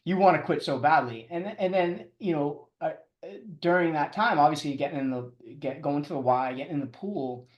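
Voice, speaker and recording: A middle-aged man telling his story as a podcast guest, halting and restarting often, with chuckles. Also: a little high, reverberant, lo-fi sound. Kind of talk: casual storytelling interview.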